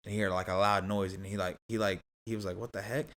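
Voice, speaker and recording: Young dude rambling thru a story on a podcast, kinda low voice, lots of "like". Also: male voice, little pitch movement, fast, fairly bright tone. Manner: rambling, full of "like" and restarts. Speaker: podcast guest telling a story. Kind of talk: casual storytelling.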